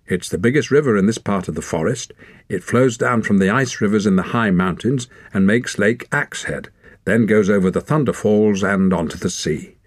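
Stubborn young forest girl, lifted and lilting, a low-voiced male narrator putting her on; audiobook character voice, husky edge, dry close recording. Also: normal speed, dry recording, close to an everyday voice. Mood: explaining.

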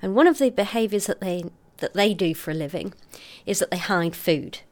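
A middle-aged woman, a scientist explaining her research in an interview, articulate and expressive. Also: medium pitch, normal speed. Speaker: scientist guest.

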